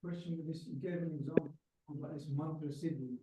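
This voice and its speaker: A man's voice: fairly high pitch, fairly even intonation, fast talker, mellow. A male student asking the teacher a question from the class audience. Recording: echoey room, far from mic.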